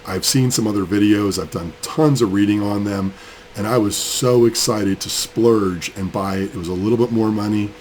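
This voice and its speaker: A low-voiced man rants angrily in a casual vlog, rambling as he works. He sounds sick with a cold. A faint hiss of room noise sits behind him. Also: moderate pace, a little mellow. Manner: angry, fired up, rambling. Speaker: crypto mining channel host. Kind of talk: casual building vlog rant.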